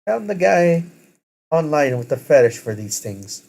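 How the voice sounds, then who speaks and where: A man's voice: a little high, big pitch swings, unhurried, gravelly, darkish tone, voice pushed up, full character voice. Cheeky young woman friend, raised voice, teasing and bold, read by a man.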